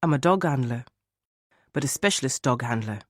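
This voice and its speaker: A man's voice: medium pitch, animated, brisk, dry recording, studio quality, natural voice. A man voicing a middle-aged male dog handler with a Northern English accent, a defensive witness who hesitates. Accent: Northern English, Leeds.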